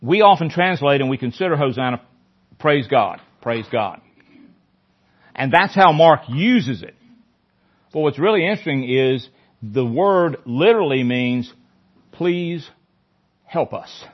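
A man's voice: medium pitch, animated, measured pace, pauses often. A man leading a Bible study in a conversational teaching style, often repeating phrases for emphasis. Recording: dull lo-fi recording.

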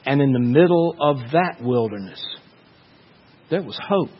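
A man preaching a sermon as a pastor, slow and measured, with dramatic pauses. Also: mid-range voice, lively intonation, husky, long reverb tail, muffled recording.

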